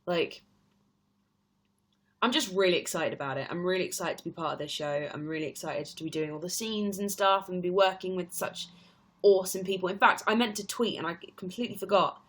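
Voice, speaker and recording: A woman's voice: on the low side, fairly quick. A young British woman hosting a casual live stream at home, chatting in a rambling way and laughing often. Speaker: livestream host.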